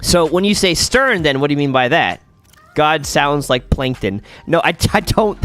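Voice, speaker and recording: A man's voice: on the high side, very animated, normal speed, a bit bright, soft background music. A man hosting a casual live gaming stream, chatting with viewers and thinking aloud while he plays.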